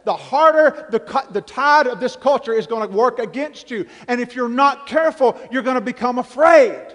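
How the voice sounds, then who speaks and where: High-voiced preacher in a reverberant church. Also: male voice. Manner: reads scripture softly, then preaches with rising force. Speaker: pastor. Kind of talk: sermon. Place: church sanctuary.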